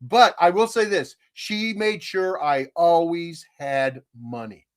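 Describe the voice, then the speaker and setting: A man's voice: fairly high pitch, takes it slowly. An older man co-hosting a podcast, telling stories in a rambling, folksy way with frequent chuckles. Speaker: podcast co-host. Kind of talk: casual chat.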